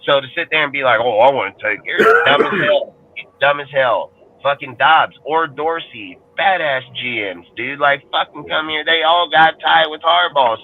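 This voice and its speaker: A slightly high-voiced man with a Californian accent fumes about football on a fan panel show, swearing all the time and restarting what he says. The audio is narrow and tinny. The whole thing is a hot-tempered, foul-mouthed sports rant.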